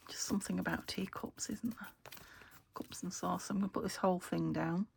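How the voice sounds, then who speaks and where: A British woman crafting at her table at home, thinking aloud and often dropping to a soft half-whisper as she narrates casually. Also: fairly low pitch, fairly even intonation, brisk, gravelly, breathy edge. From United Kingdom. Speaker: craft vlogger. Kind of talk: casual flip-through narration while crafting.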